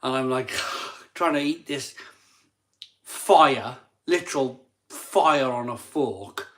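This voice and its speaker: A man's voice: medium pitch, takes it slowly, fairly bright tone. A middle-aged man hosting a casual live stream, tipsy after a few beers, chatty and laughing at himself as he reads viewer comments. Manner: chatty, laughing, self-mocking, rambling with restarts. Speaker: livestream host reading viewer comments.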